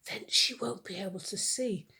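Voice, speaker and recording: A woman's voice: mid-range voice, normal speed, creaky, pushed and bright, breathy edge, full character voice. A woman voicing an anxious young boy who pleads and panics in a storybook reading. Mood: panicky.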